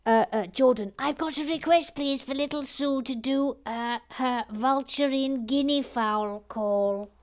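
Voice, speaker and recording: A gentle woman who talks slowly and chats warmly. She sounds like a livestream host reading out her viewers' comments, one at a time. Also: high voice. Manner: gentle, warm-hearted and chatty. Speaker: livestream host building a brick set.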